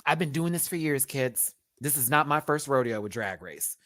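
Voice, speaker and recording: A man's voice: medium pitch, expressive, normal speed, fairly bright tone, no echo. Sassy, laughing drag-show reviewer man. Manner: sassy and campy, heavy slang, laughs often; talks straight to viewers and people in the show. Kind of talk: casual livestream commentary.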